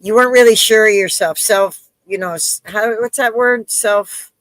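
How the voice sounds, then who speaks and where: A woman hosting a live interview, telling stories in an animated way and acting out the voices of the people in them. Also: mid-range voice, normal speed, no room sound. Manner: animated storyteller, acts out quoted voices. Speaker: interview host. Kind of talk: casual live interview chat.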